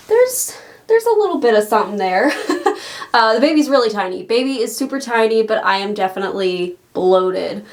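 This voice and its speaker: A woman's voice: medium pitch, a little mellow. A woman vlogging in casual chat to the camera, chatty and rambling with frequent small laughs, a little out of breath.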